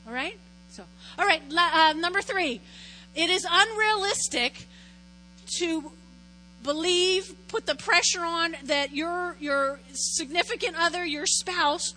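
A high, bright female pastor in midlife who preaches like she's chatting with friends. She tells animated stories and keeps tossing in quick "right?" check-ins, with a faint hum underneath. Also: low-quality recording. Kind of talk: conversational sermon.

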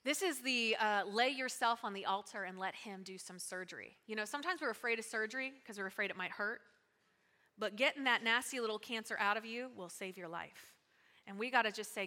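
A woman pastor giving a lively, conversational sermon, calling out to her congregation. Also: mid-range voice, brisk. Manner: lively, conversational preaching with audience call-outs. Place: church sanctuary. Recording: long hall reverb.

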